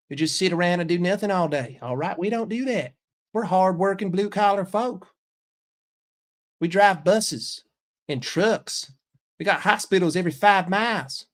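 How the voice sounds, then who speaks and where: A man's voice: sits high, moderate pace, lightly acted. A man doing a comic impression of a swaggering, foul-mouthed Southern American man with a put-on Southern accent, boasting and picking fights. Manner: swaggering, profane, confrontational.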